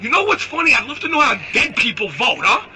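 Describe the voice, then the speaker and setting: A high-pitched, sharp-toned man rants loudly and insults people freely. His voice is very bright and forceful. A faint noise sits behind him. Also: fast, rough recording. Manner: brash, loud, insulting, animated ranting. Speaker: political commentator in a clip. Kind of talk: ranting political monologue.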